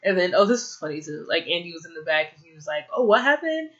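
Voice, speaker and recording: Quick-paced and low, with fairly even intonation, a young woman runs through a casual, rambling TV episode recap. She uses "like" constantly and adds exasperated opinions, and the lo-fi audio sounds slightly dull.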